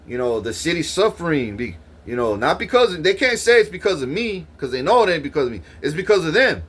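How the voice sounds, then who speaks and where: A man in a rambling, profane monologue, swearing and issuing threats, his voice jumping up in pitch when heated. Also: very animated, a little fast, fairly bright tone, slightly rough.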